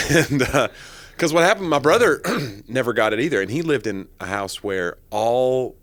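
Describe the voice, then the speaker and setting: A man co-hosting a podcast in casual chat, a little hoarse with a morning voice after covid, telling stories playfully. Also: medium pitch, lively intonation, measured pace, fairly bright tone, dry recording. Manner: playful, jokey storytelling. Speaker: podcast co-host.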